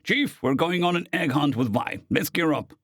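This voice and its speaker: A man voicing a gruff, weary adult spaceship captain who talks in a dry, grumbling, mildly teasing way. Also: on the high side, lively intonation, moderate pace, a bit bright, no echo, pitched above the performer's own voice. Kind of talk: audiobook character voice.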